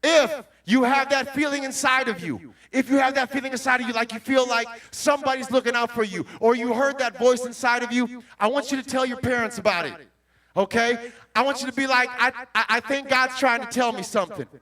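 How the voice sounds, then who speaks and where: Speaking fairly quickly in a very high, bright voice, a man preaches to young people as a Christian motivational speaker. He calls out questions, breaks into shouts, and is recorded from a distance.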